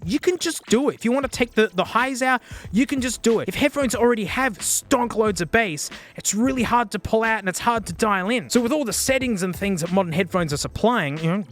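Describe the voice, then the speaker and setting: A man's voice: high voice, fairly quick. A man with an Australian accent giving a casual, slangy headphone review. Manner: chatty, slangy, excitable. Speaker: tech reviewer.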